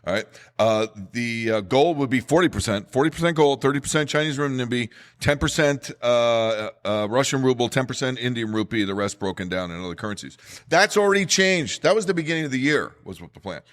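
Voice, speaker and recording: A man's voice: medium pitch, lively intonation, fairly quick, fairly bright tone. A middle-aged man with a New Jersey accent hosting a solo economics podcast, speaking emphatically and urgently and repeating figures for stress. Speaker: podcast host.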